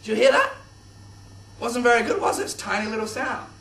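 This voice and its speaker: High, excitable man presenting kids' science. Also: fairly quick. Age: young adult. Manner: exaggerated, excitable kids'-show host voice. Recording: echoey room, distant mic.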